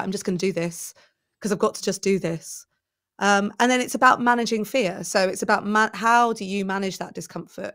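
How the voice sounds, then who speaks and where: A middle-aged woman, a presenter coach, talking enthusiastically in a podcast interview and thinking aloud as she goes. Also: mid-range voice.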